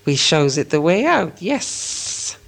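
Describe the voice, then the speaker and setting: A man voicing a small, slimy, cunning cave creature that hisses and whispers to itself in a slow, drawn-out way. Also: fairly high pitch, sing-song, creaky, fairly bright tone, heavily acted. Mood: wheedling, hissing.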